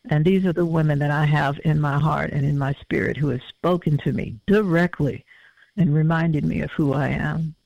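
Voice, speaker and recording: A man in his fifties, a musician talking as a guest in a casual interview, reflective and halting with many fillers. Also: a little high, steady tone, creaky, dry recording. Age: 50s. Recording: dull lo-fi audio.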